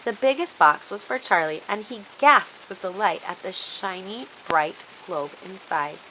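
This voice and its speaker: A woman reads a children's storybook aloud and brings every scene to life. Her voice is bright and clear. A faint hiss runs under the recording. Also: mid-range voice, a little slow, poor audio. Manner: expressive, animated read-aloud.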